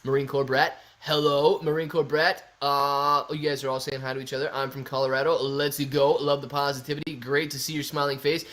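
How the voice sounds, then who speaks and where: A man's voice: mid-range voice, level tone, a little fast, hardly any pauses, fairly bright tone. A young man hosting a casual livestream, joking around and reading viewer comments aloud. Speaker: livestream host.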